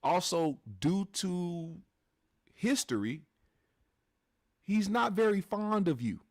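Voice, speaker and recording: A man's voice: sits high, expressive, slow pace, no echo, studio quality. A man hosting a commentary show, talking bluntly and with plenty of profanity straight to his live chat audience.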